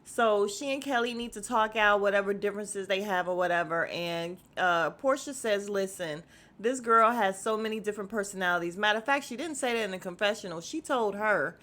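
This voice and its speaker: A woman hosts a casual podcast, recapping a reality show with sass and energy and performing quotes in exaggerated voices. Her voice is mid-range and she talks slightly fast.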